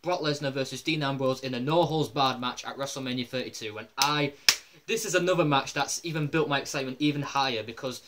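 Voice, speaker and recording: A young man excitedly rambling in casual commentary to his video viewers, calling them guys. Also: medium pitch, quick pace, very noisy. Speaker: wrestling fan video host.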